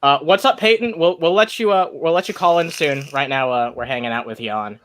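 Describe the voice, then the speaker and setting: A man hosting a casual chat stream while high, rambling and breaking into giggles. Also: brisk, a bit bright. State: high on cannabis. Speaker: stream host.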